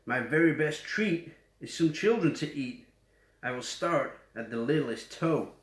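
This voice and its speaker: A man's voice: fairly high pitch, lively intonation, a little slow. A man with a West Yorkshire accent voicing a hungry, grumbling male giant who wants to eat children, in a storybook reading. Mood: greedy. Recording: roomy echo.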